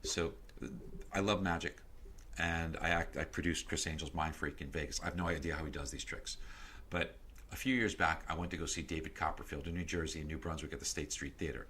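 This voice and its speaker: A middle-aged man as a podcast guest, telling stories in a lively, animated way that grows loud and excited. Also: a bass voice, a little fast, slight background noise. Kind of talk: casual interview storytelling.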